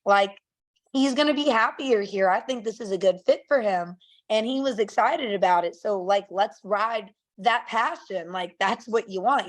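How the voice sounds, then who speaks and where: A young adult woman telling a story on a podcast in a casual, animated way, laughing often and acting out the people she quotes. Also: fairly high pitch, moderate pace. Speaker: podcast guest.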